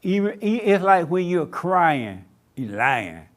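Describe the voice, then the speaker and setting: A man preaching a sermon to a small congregation in a church meeting room. He repeats short commands emphatically and slows down to stretch words for emphasis. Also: high-pitched, very animated. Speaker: pastor.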